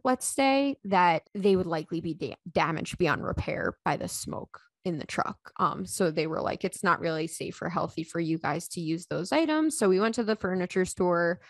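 A woman in her thirties, a podcast guest, telling a personal story in casual chat, animated and laughing often as she acts out the dialogue. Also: lowish voice, dry recording.

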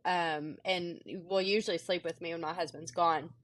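A woman's voice: lowish voice, steady tone, moderate pace, a bit bright, no room sound. A young woman co-hosting a faith podcast, chatting casually and sweetly with many fillers. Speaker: podcast co-host. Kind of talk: casual chat.

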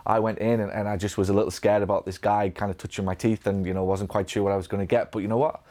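Man, Northern English accent, lowish voice, live Q&A coaching, energetic, frequent restarts. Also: quick pace. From England. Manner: energetic, repetitive restarts, acts out patient dialogue. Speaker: physio business coach. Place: event room.

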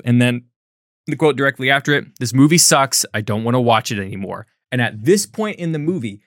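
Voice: medium pitch, dry recording. A podcast host telling a bad movie's story with sarcasm and plenty of swearing. The voice sits mid-range and is recorded close and dry, with no room sound. The delivery is loose, chatty and full of disdain. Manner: sarcastic, profane, lively storytelling. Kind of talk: casual chat recapping a bad movie.

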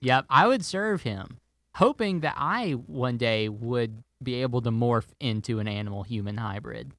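A man in easy, casual conversation about films, now and then trying a character's line for fun. His voice sits at an ordinary middle pitch, and the sound is dry and close with no room around it. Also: expressive, moderate pace, fairly bright tone, no room sound. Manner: playful, trades movie impressions. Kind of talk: casual movie chat.

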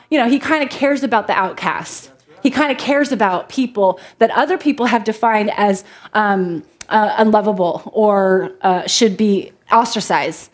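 A woman preaching a sermon to a congregation, reading scripture and talking in a conversational way that jokes with the listeners. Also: a little high. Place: church before a congregation.

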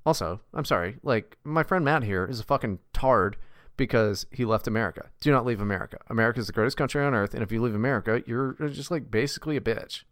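A man's voice: mid-range voice, fast talker, a bit bright, dry recording, clean studio sound. A man co-hosting a podcast, talking bluntly and profanely, mocking and ranting in casual chat. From West Virginia. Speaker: podcast co-host.

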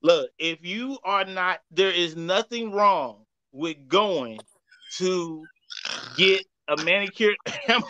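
A man's voice: high voice, slow pace, bright, forceful tone, highs cut off. A man co-hosting a casual panel chat, talking emphatically and repeatedly addressing the men listening. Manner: emphatic, repeats "I'ma tell you right now", addresses the fellas. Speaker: podcast co-host.

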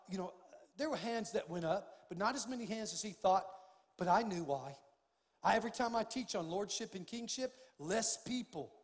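An older man delivers a heated sermon from the pulpit, his voice pitched high for a man. He swings between quiet, intimate stretches and loud, pressing outbursts. The long reverb of a large church sanctuary trails after his words. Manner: impassioned, swings from hushed to loud. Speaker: pastor.

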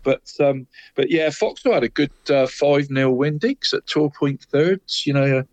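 A man's voice: a little high, moderate pace, no room sound, lo-fi sound. A man co-hosting a football radio show, running through local league results in a chatty way, saying "mate" all the time and laughing at his own slips. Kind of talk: casual sports results chat.

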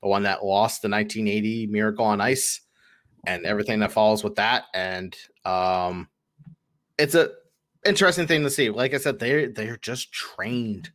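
A man's voice: lowish voice, moderate pace. Rambling man on a sports podcast. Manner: rambling, filler-heavy, animated when telling a story. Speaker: podcast co-host. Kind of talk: casual sports chat.

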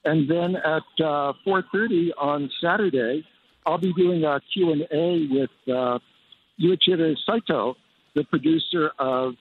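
A man's voice: on the high side, unhurried. A man reporting enthusiastically by phone from a busy convention floor. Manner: upbeat, enthusiastic. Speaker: film critic reporting live. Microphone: phone line. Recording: tinny phone line with crowd hum.

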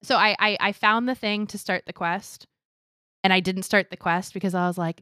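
A young adult woman co-hosting a casual podcast, chatty and animated, telling stories with quoted voices. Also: medium pitch, moderate pace, no room sound, clean studio sound. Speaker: podcast co-host. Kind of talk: casual chat.

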